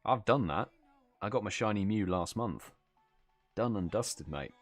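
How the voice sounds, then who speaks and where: A man's voice: fairly low pitch, animated, a little slow, no room sound, faint music behind. A tired British man hosting a casual live stream, chatting with viewers and reading out their messages. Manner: chatty, reads out chat messages, yawns and laughs. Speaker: livestream host.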